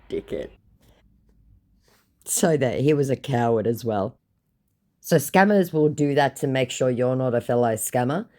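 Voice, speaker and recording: A woman's voice: a bass voice, normal speed, a little mellow. An Australian woman casually recounting a story in a blunt, sarcastic way, swearing freely. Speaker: scam-baiting channel host.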